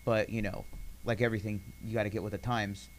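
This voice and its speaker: A man's voice: fairly low pitch, flat delivery, fast talker, a crowd in the background. A man who is married, chatting casually as co-host, rambling and hesitant with many "you know"s. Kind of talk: casual chat.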